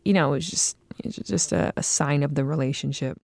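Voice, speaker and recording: A woman in her thirties tells a story in casual chat, and her voice sits a little low. She is animated and acts out the quotes, with a laugh never far off. The sound is close and dry. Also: fairly quick, creaky, dry recording. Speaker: guest.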